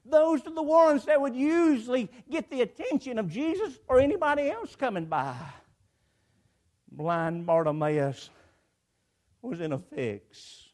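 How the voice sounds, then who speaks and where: A man's voice: extremely high pitch, animated, unhurried, darkish tone. A man preaching a sermon to a congregation, emphatic, with repeated phrases and swelling cries. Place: church before a congregation.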